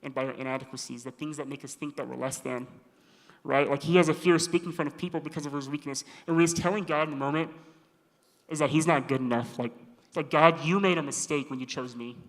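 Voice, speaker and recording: A man preaching a casual sermon, slangy and animated, acting out the characters' lines himself. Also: a little high, quick pace. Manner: slangy, animated, acts out quoted voices. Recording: long hall reverb.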